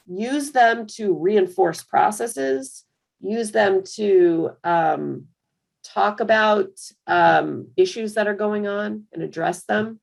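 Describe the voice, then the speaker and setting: A woman giving a conversational screen-share software tutorial for managers, full of fillers and restarts. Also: medium pitch, creaky. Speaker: software trainer.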